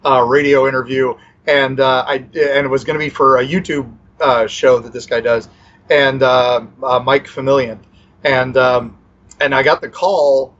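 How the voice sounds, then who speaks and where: A male author talks through his answers in a loose, rambling way, full of "you know" and restarts. His voice sits at an ordinary pitch, and the line sounds dull and lo-fi. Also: steady tone, moderate pace, a bit bright. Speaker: author and guest. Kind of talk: casual interview chat.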